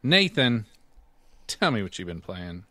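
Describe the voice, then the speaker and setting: A man's voice: fairly low pitch, very animated, measured pace, bright, forceful tone, no echo. A man hosting a casual gaming podcast, playful and teasing, laughing often as he runs the show. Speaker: podcast host.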